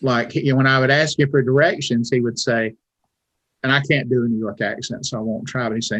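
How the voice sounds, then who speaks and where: A folksy man from Alabama, in the American South, tells stories as an author and journalist guesting in a relaxed interview, wry and acting out the voices he quotes. He has a Southern US accent from the Alabama Appalachian foothills and a mid-range, slightly bright voice with a breathy edge, speaking briskly.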